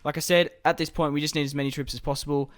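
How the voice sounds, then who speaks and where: A man's voice: fairly high pitch, little pitch movement, racing, dry recording, clean studio sound. A man casually commenting on his strategy game as he plays, thinking aloud about his moves. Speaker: gaming YouTuber.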